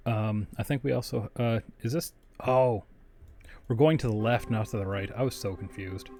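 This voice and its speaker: A man's voice: mid-range voice, normal speed, warm tone. A man playing a tabletop role-playing game, chatting in a crude, joking way. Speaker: player. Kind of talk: casual tabletop play.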